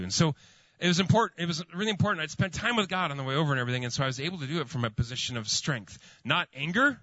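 A man's voice: a little high, animated, rapid-fire, fairly bright tone, dry recording, dull audio. A man preaching a sermon as pastor, telling a story with many fillers and restarts.

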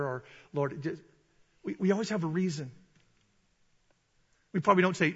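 A male preacher delivers a sermon with a high, bright voice, animated and given to shouted peaks. The sound is dull and carries a long reverb from a large hall. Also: normal speed, long pauses, breathy edge.

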